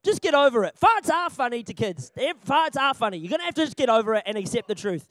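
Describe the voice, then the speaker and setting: A young man giving a church training talk on children's ministry, animated and jokey, laughing often and repeating his key points for emphasis. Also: very high voice, fast, no room sound.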